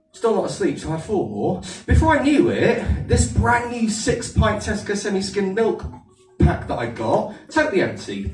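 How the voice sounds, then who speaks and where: A man with an Aldershot accent, getting over a cold, doing a chatty, self-mocking stand-up set and teasing the audience. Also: high voice. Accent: Aldershot English. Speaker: stand-up comedian. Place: comedy venue with a live audience. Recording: echoey room, distant mic, audience laughter.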